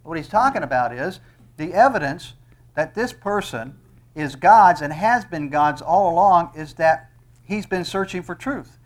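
A middle-aged man preaches an expository sermon, reading scripture aloud and emphatically stressing key phrases, rising on the quoted verses. His voice is a little high and animated, and his pace a little slow.

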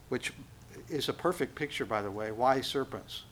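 A middle-aged man delivers a sermon in an animated manner, slipping into the voices of the people he quotes. His voice sits in a middle pitch for a man. A faint hiss of noise runs underneath the recording. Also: normal speed. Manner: animated, acts out quotes and asides. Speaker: pastor.

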